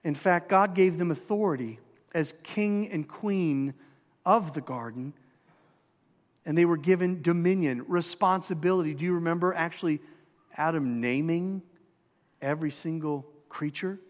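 A man's voice: on the high side, normal speed. A man with a Minnesotan accent preaching a sermon, asking the congregation questions with emphasis. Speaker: pastor. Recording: long hall reverb.

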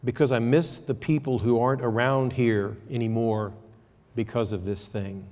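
A man preaching a sermon to his church, talking to the congregation in a conversational way that moves between quiet asides and raised exhortation. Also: medium pitch, steady tone, moderate pace, in a large hall. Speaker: pastor.

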